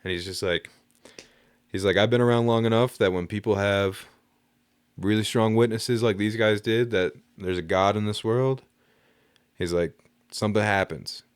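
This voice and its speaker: A young man tells a story in a relaxed, rambling way, leaning on fillers and dropping the odd swear word. His voice sits on the low side and sounds smooth and resonant. The recording is close and dry. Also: moderate pace, pauses often, dry recording. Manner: laid-back, rambling, heavy on "like" fillers, casual swearing. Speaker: podcast storyteller. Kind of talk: casual storytelling.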